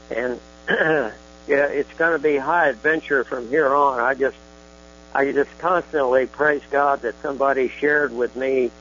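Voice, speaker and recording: Pastor hosting a muffled radio show. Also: male voice, mid-range voice, fairly bright tone. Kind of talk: religious radio talk show. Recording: dull lo-fi radio sound with faint hum.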